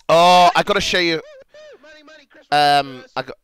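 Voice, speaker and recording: Streaming with a British accent, this young man reads posts aloud in crude, casual chat, muttering and bursting into loud laughter. He sounds high-ish, clear and resonant, keeping a measured pace with long pauses, and there's no room sound.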